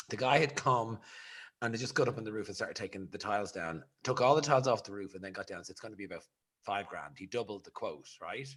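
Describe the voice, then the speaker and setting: A man, hosting a podcast and telling a rambling, animated story in casual chat. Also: fairly low pitch, breathy edge. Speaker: podcast host.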